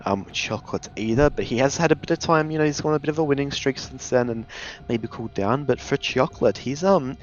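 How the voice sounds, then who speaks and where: A man's voice: medium pitch, brisk, dull audio. A man casting an esports match live, chatting casually with many ums and hesitations. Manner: animated, hesitant with many ums, laughs easily. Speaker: esports caster. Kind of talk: casual live game commentary.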